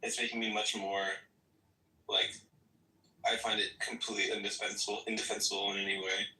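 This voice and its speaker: A man's voice: lowish voice, level tone, brisk, sharp tone. A man arguing hotly and profanely in an online voice-chat debate. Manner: heated, profane, emphatic. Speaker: debate participant. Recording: roomy, distant mic, faint noise.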